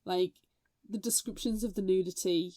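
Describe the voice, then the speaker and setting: A woman co-hosts a relaxed book chat with a mellow, warm tone. She tells animated stories, swears casually and slips into impressions of other people. Her voice sounds close and dry. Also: medium pitch, normal speed, no echo. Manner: animated, swears freely, mimics voices in anecdotes. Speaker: podcast co-host.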